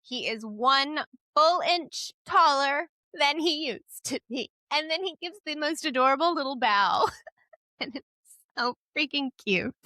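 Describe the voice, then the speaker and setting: A woman with a bright, lifted voice co-hosts a casual book podcast. She laughs easily and recaps the story in a chatty way. The sound is dry and close. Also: sits high, lively intonation, no room sound. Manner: giggly, quick to laugh. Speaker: podcast co-host. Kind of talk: casual book-club chat.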